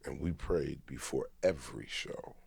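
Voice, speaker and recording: A man from Los Angeles, a comedian guest telling a story in a podcast interview, swearing freely and swinging between hushed and excited. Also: rumbling low, a little slow, creaky, husky, no echo. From Los Angeles, USA.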